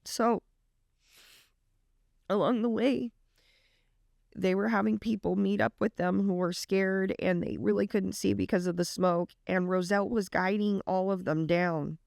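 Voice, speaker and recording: A woman's voice: medium pitch, steady tone, moderate pace, vocal fry, hardly any pauses, a little mellow, no room sound, clean studio sound. A woman reaction vlogger earnestly retelling a story in a casual, emotional way.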